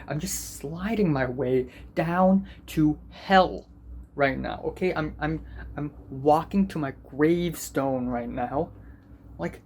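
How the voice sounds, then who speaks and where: A man's voice: on the high side, darkish tone, a little hiss or hum. A teenage boy vlogging as a student, venting in an angry, profane and self-deprecating way. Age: teens. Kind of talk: ranting vlog.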